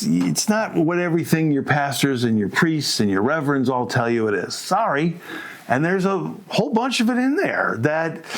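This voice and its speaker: Animated provocative male podcast co-host. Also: a little high. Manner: animated, provocative, rhetorical questions, addresses listeners as folks. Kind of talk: casual opinionated monologue.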